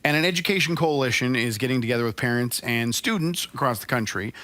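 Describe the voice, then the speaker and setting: Man co-host, crisp bright voice, direct and opinionated. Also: mid-range voice. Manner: opinionated, explains news plainly. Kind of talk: casual chat, news commentary.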